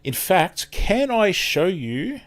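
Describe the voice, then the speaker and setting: A man's voice: high voice, sing-song, takes it slowly. Rambling Australian man chatting on a live stream. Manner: rambling, chatty, loses his words and restarts. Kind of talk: casual live-stream chat.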